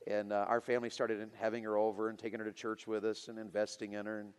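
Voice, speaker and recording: Animated man preaching a story sermon. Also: on the low side, quick pace, clean tone, in a large hall. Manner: animated, builds to loud excited preaching. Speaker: pastor.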